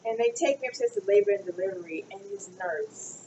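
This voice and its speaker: A woman's voice: mid-range voice, a little fast. A woman telling a personal story in casual conversation, acting out the people in it. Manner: animated, acts out other people's voices in her story. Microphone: computer webcam mic. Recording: distant, dull, noisy room recording.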